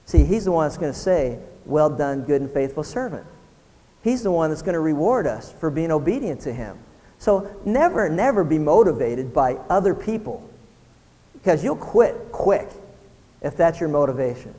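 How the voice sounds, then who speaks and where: A man pastor preaching a sermon, building from quiet talk to loud shouting and firing rhetorical questions. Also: fairly high pitch, big pitch swings, moderate pace, in a large hall.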